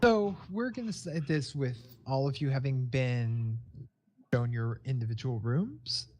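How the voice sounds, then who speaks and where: A young man runs a tabletop game as its narrator. His pitch swings a lot, and he rambles in loose, casual narration that breaks into laughs. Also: expressive, unhurried, a little mellow. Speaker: game master.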